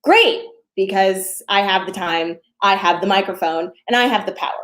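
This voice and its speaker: A woman's voice: medium pitch, normal speed, a bit bright. A woman in her twenties doing a stand-up set from home over a video call, telling a story with many fillers and playful asides. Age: 20s. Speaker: stand-up comedian.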